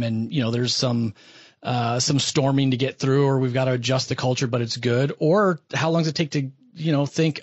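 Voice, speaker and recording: Brief: male podcast host, mid pitch, friendly and upbeat, dry, dull lo-fi recording. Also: steady tone, normal speed, dry recording. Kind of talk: podcast interview hosting.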